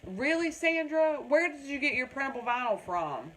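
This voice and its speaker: A woman's voice: a little high, sing-song, moderate pace, a bit bright, slight background noise. A woman hosting a casual craft livestream, rambling and chatting with viewers in the comments.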